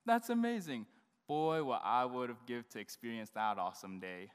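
A man's voice: medium pitch, expressive, normal speed, smooth, natural voice. A man voicing an eager young male donkey puppet who asks curious, wide-eyed questions. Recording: reverberant church hall.

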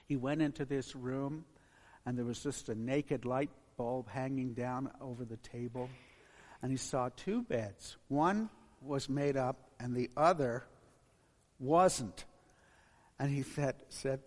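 A man preaching a sermon in a halting, storytelling way with frequent restarts, then leading a closing prayer. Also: mid-range voice. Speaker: pastor. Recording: long hall reverb.

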